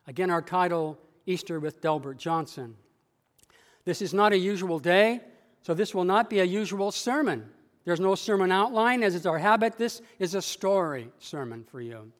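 A male pastor delivering a story sermon in a church with a measured, dramatic storytelling manner. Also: high-pitched, lively intonation, in a large hall.

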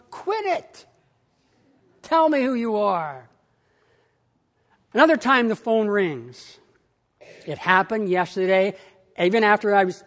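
Pastor, male, high-pitched, slow and measured sermon delivery, reverberant church. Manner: measured preaching with emphatic pauses. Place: church sanctuary.

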